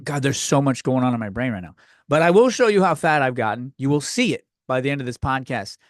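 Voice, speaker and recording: A man's voice: mid-range voice, expressive, quick pace, no echo, clean studio sound. A man hosting a solo comedy podcast, rambling from thought to thought and poking fun at himself. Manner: rambling, scattered, self-mocking. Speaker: podcast host.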